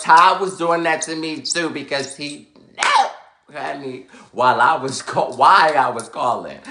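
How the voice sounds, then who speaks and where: A young man vlogging, telling a personal story in a sassy, animated, dramatic way. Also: mid-range voice. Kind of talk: casual storytelling. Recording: echoey room, faint background noise.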